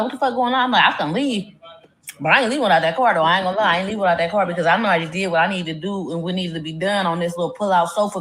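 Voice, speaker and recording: A woman streamer telling a long, profane storytime tale in a casual, animated way, her voice jumping high for quoted lines. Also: slight background noise. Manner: animated, profane, dramatic voice swings.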